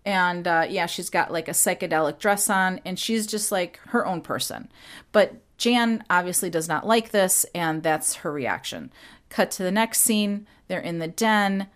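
A woman hosting a podcast, retelling a story casually with animated, quick impressions. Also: fairly low pitch. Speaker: podcast host.

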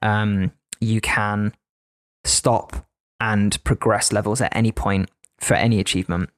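A man with a lowish voice chatting on a tabletop gaming podcast. He runs the games and talks in a relaxed, animated way, breaking into little impressions of his players. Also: unhurried, clear, resonant tone, no echo. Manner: animated, acts out players' lines. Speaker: podcast co-host and game master. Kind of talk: casual podcast chat.

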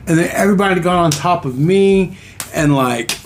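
A man co-hosting a casual podcast, telling a story in an animated way, swearing freely and acting out quoted lines. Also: high voice, moderate pace, a little hiss or hum. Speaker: podcast co-host.

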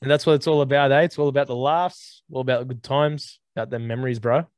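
A man ribs his friends in relaxed, matey banter as he co-hosts a podcast. His voice is mid-pitched and recorded very dry, with no room sound. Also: fast talker, dry recording. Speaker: podcast co-host. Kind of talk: casual chat.

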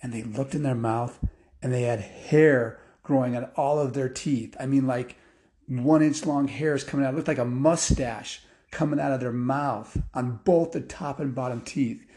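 A man spins a loose, improvised bedtime story, full of asides and filler words. His voice is mellow and darkish, and his pitch sits mid-range. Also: steady tone, normal speed.

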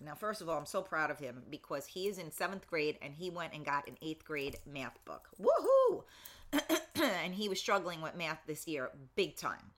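Blunt, bright-voiced woman host. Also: mid-range voice. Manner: blunt, swears freely, frequent throat clearing. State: losing her voice. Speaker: show host. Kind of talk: casual talk show chat.

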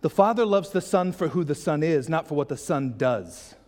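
A man preaching a sermon as pastor, casual and animated, breaking into excited high-pitched voices to act out lines. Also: normal speed. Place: church hall. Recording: long hall reverb.

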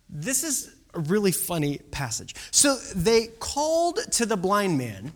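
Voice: medium pitch, wildly swooping pitch, a little slow, hardly any pauses. A preacher giving a casual sermon, retelling a Bible story with chatty asides and restarts.

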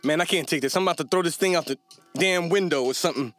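A man's voice: on the high side, fast talker, fairly bright tone, no room sound, pitched above the performer's own voice, lightly acted. A man acting out a skit as a frustrated man fighting a broken computer, groaning and complaining, with music playing behind him. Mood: exasperated. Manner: exasperated, groaning, complaining to himself. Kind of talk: comic skit over music.

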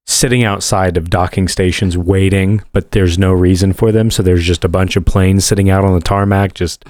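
Deep-voiced curious man, dry sound. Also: steady tone, moderate pace, darkish tone, no room sound. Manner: curious, asks follow-up questions. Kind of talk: casual chat.

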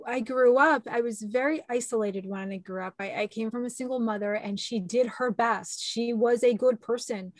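Woman, middle-aged, higher voice, dry close sound, lively storyteller, casual interview guest. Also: moderate pace, hardly any pauses, dry recording. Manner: animated, acts out quoted dialogue. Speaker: podcast guest.

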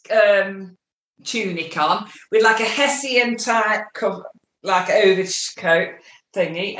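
A woman who works as a spiritual healer, chatting casually and telling a story in an animated way. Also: medium pitch, echoey room.

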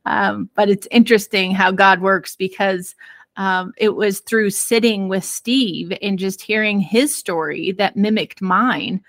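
A woman's voice: mid-range voice, a little slow, dry recording. Earnest woman telling a family story. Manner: earnest, expressive storyteller who laughs easily. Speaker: parenting expert guest. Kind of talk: personal storytelling in a podcast interview.

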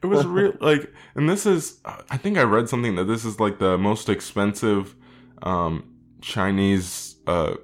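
Male co-host, low-ish voice, casual movie review chat, animated and full of laughs and fillers. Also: measured pace.

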